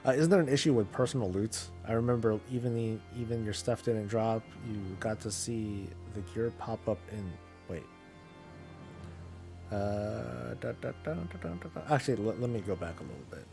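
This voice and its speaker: A man's voice: fairly low pitch, normal speed, vocal fry, over music. A man streaming a casual chat about games, rambling with many fillers and restarts.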